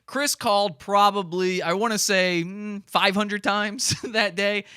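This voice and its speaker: A man's voice: sits high, steady tone, unhurried, sharp tone, clear, resonant tone, no room sound, studio quality. A man hosting a live stream, commenting casually and animatedly, often laughing between lines.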